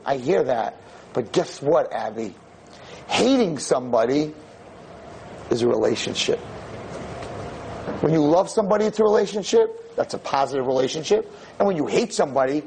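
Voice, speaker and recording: A male rabbi giving a storytelling lecture, animated and acting out the voices in his tale. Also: medium pitch, slight background noise.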